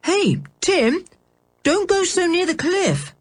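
A woman voicing a grave, dry-witted older boy in a storybook reading, calm with dry humour. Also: very high-pitched, slow, dry recording, pitched above the performer's own voice, heavily acted.

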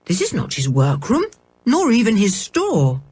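A woman's voice: medium pitch, huge pitch swings, measured pace, a little mellow, breathy edge, voice pushed up, exaggerated voice. A woman reading a storybook, voicing a cheerful, sensible older boy. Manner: cheerful and reasonable.

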